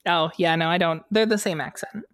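A woman's voice: fairly low pitch, a little fast, no echo, clean studio sound. A young woman co-hosting a casual podcast, rambling and playful with plenty of fillers, recording in an unfinished basement. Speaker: podcast co-host. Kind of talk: casual chat.

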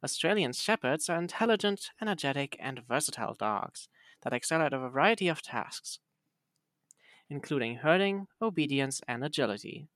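A man's voice: a little high, lively intonation, normal speed, a bit bright, no echo. A man, a podcast host chatting casually and playfully reading text aloud.

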